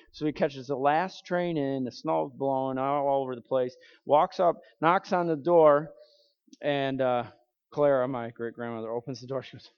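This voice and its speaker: A man's voice: medium pitch, fairly even intonation, normal speed, clean tone. Man preaching in an echoing hall. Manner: conversational, acts out quoted voices. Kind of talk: storytelling sermon. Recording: dull sound with long hall reverb.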